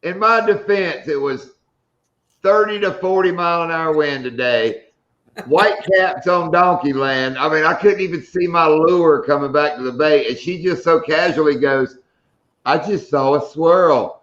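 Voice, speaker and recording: A man's voice: fairly high pitch, moderate pace, fairly bright tone, reverberant, highs cut off. A man hosting a casual live-stream chat, telling stories with a joking manner. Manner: joking storyteller. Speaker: host.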